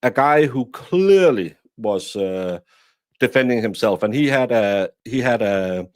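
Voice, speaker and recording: A man's voice: mid-range voice, expressive, measured pace. A man from Denmark, a guest commentator in casual conversation, who often stalls and repeats words while thinking.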